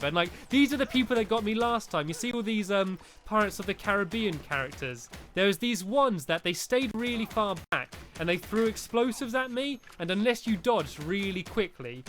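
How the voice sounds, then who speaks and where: A man giving chatty, excitable let's-play commentary, talking straight to his viewers and cheering himself on at a desk microphone. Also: high voice. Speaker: gaming YouTuber. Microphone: desk microphone while gaming.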